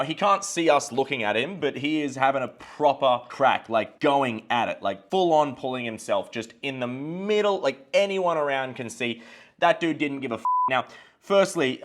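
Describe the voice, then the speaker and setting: A young man, a dating coach telling stories in a casual, slangy monologue with plenty of swearing. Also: mid-range voice. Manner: animated, swearing, slangy storyteller.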